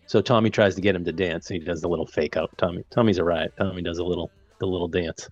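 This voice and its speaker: A man's voice: sits low, quick pace, dry recording, dull audio, faint music behind. A man co-hosting a podcast, casually recapping a film scene by scene and acting out the characters' lines as he goes. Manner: animated retelling with quoted dialogue. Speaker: podcast co-host.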